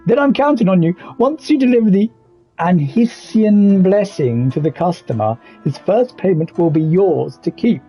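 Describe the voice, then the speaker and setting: Mężczyzna grający pedantycznego profesora ze sklepu. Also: male voice, high-pitched, animated, moderate pace, husky, highs cut off, faint music behind, pitched above the performer's own voice, heavily acted. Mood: encouraging. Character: fussy male shop professor, instructive.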